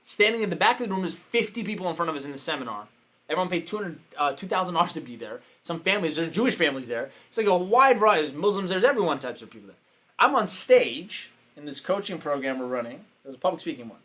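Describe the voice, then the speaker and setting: A man hosting a coaching show, telling a story in a casual, animated way, with many "like" fillers. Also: a little high, fast. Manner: animated, acts out quoted voices, frequent "like" fillers. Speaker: business coach and show host.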